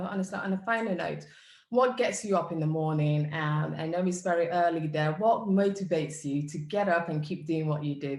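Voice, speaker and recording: A woman from the UK with a notably low voice hosts the interview, her questions long, earnest and admiring, looping back on themselves. The sound carries a roomy echo around her. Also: a little mellow. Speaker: interview host.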